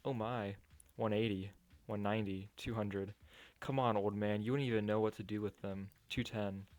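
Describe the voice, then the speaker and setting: A man voicing a smug male auctioneer who makes brisk, showy bidding calls. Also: lowish voice, fairly even intonation, a little mellow, no echo, lightly acted.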